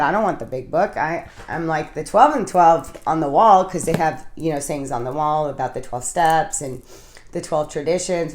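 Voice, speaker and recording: Woman vlogger with a low voice, telling her own story with emphatic, emotional bursts. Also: a little mellow. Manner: emotional, emphatic retelling with many fillers. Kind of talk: personal storytelling to camera.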